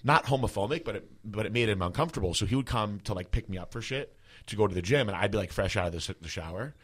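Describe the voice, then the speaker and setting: A male podcast host with a fairly low voice talks in a loose, casual storytelling style. He rambles, leans on "like" constantly and swears freely. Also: lively intonation, fast, slightly rough. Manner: rambling, heavy "like" filler, profane.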